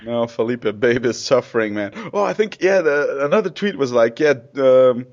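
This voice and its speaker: A man co-hosting a podcast in casual chat, jokey and quick to laugh, swearing freely. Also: mid-range voice, lively intonation, darkish tone. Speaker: podcast co-host. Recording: dull lo-fi sound.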